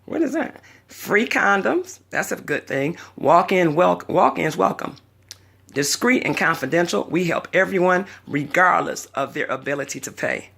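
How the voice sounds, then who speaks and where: An older woman with a gravelly, husky voice talks straight to the camera in a casual vlog. She tells her story with drama, swinging her pitch widely as she acts out everyone she quotes. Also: expressive, normal speed, a bit bright. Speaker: vlogger.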